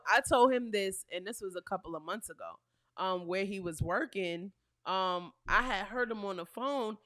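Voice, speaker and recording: A New York woman co-hosts a podcast, chatting casually as she explains her point and retells conversations through reported dialogue. Her medium-pitched voice is a bit bright, captured in a dry, clean studio recording.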